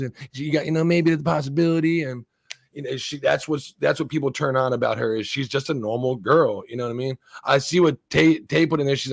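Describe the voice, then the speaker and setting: Gravelly man giving opinions in podcast chat. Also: mid-range voice, fast, dry recording, studio quality. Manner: opinionated, rambling with restarts. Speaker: podcast co-host. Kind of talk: casual chat.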